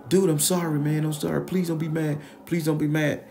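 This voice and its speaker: A man putting on a frantic young guy, his voice shooting high above the teller's own as he begs not to be blamed, gravelly at the edges and pleading nonstop. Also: flat delivery, brisk, mellow. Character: panicked apologetic young man.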